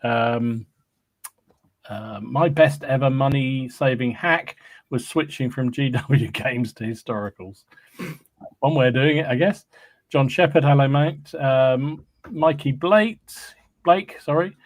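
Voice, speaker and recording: A man's voice: medium pitch, slow pace, no echo. A man hosting a casual hobby podcast stream, greeting viewers by name and laughing often, with a cold. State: has a cold. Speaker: podcast host. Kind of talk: casual livestream chat.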